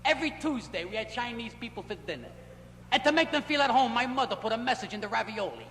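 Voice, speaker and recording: A man doing a stand-up routine at a nightclub, telling punchy stories in a voice that jumps in pitch and loudness. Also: lively intonation, fast. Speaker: stand-up comedian. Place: nightclub stage. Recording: echoey club, scratchy 1960s film audio. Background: audience laughter.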